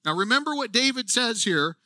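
A man preaches a sermon with an earnest, animated delivery. His voice is very high and bright, with a ringing edge. The sound is dry and close. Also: a little fast, dry recording. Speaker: pastor.

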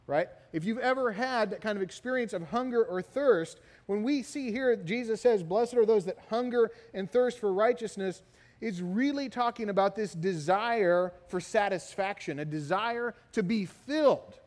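High-voiced man preaching in echoing hall. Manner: animated storytelling, repeated "right?" tags. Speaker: pastor. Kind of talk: sermon. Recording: long hall reverb.

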